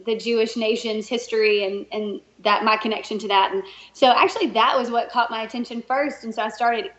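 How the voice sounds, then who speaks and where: A woman guest on a podcast, telling a story in a lively, laughing way and acting out the people she quotes. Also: on the high side, a little fast. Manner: animated, laughs often, puts on voices when quoting. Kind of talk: casual interview storytelling. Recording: roomy and dull, lo-fi.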